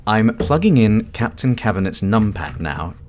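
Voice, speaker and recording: Animated man hosting a game stream. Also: on the low side, normal speed, slight background noise. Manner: animated, swearing, laughs often. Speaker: streamer host. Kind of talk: live game-play commentary.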